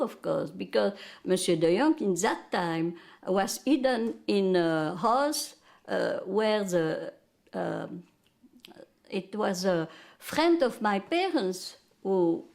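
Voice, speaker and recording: Slow, gravelly older Belgian woman. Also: mid-range voice, expressive, darkish tone. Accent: Belgian French. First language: French. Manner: halting, searches for English words, many restarts. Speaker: interviewee. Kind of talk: recounting wartime memories.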